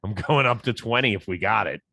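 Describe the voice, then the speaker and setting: A man from Ohio hosting a sports talk show, easygoing and quick to laugh in casual chat. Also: gravelly, sharp tone, no echo, clean studio sound. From Cleveland, Ohio. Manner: easygoing, laughs often, trails off low.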